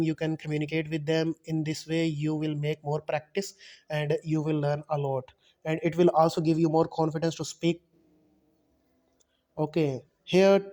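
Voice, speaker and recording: A man teaching a spoken English lecture over slides, halting and often correcting himself as he explains. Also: a little high, warm tone. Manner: halting, self-correcting, repeats words while explaining.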